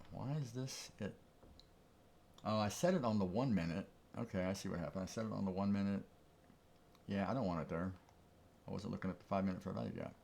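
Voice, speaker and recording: Deep gravelly guy streaming his trades, laid back, thinking out loud. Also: slight background noise. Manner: thinking aloud, easygoing, with chuckles. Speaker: trading streamer. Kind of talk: casual live-stream commentary.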